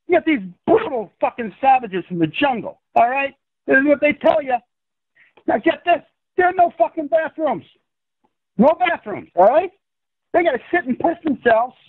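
High-voiced man ranting down a phone line. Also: no echo. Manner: profane, rambling rant. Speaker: guest. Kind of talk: phone-in interview.

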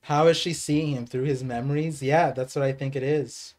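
A young adult man streaming a live reaction, excitable and laughing, then turning quiet and reflective. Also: medium pitch, moderate pace. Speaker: streamer reacting to a manga chapter.

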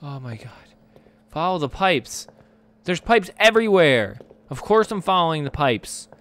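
A man's voice: a little high, very animated, unhurried, fairly bright tone. A young man commentating a horror game as he plays, jumpy and panicky, breaking into screams and swearing when something startles him. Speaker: gaming YouTuber.

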